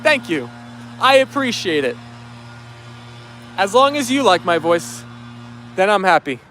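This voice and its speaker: A man's voice: sits high, fairly bright tone, a little hiss or hum. A man hosting a dog livestream outdoors, reading viewer comments aloud in an upbeat, easygoing way. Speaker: livestream host. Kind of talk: live chat reading.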